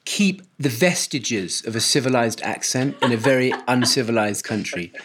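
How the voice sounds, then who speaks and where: A man's voice: mid-range voice, expressive, normal speed, a bit bright, slight background noise. Wry man with English accent. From born in Hawaii, raised in Portugal and England. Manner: wry, self-deprecating, hesitant restarts. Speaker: guest. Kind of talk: casual podcast chat.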